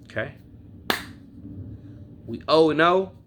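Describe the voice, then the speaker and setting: This blunt, profane sports fan vlogger from Milwaukee, Wisconsin rants casually to camera, talking straight to his viewers. His voice is a little high and a bit bright, animated yet slow. Slight hiss or hum comes through.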